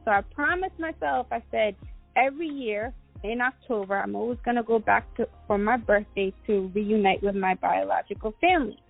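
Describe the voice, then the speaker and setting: A woman's voice: mid-range voice, normal speed, gravelly, narrow, tinny audio, faint music behind. A middle-aged woman from Guatemala, a guest entrepreneur in an interview, telling a personal story in a rambling way with many fillers and restarts.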